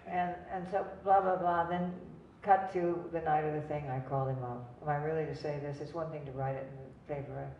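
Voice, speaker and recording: A woman's voice: sits low, steady tone, fairly quick, hardly any pauses, a little hiss or hum. An older actress telling chatty, digressive stories at a cinema event, laughing at her own jokes. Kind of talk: rambling anecdotal storytelling. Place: cinema venue before an audience. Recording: distant roomy lo-fi venue recording.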